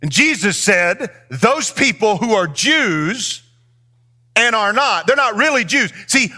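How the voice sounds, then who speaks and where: A man's voice: high-pitched, big pitch swings, slow pace, sharp tone. A male pastor preaching a sermon in a church, speaking straight to his congregation and swinging his lines up into a sing-song emphasis.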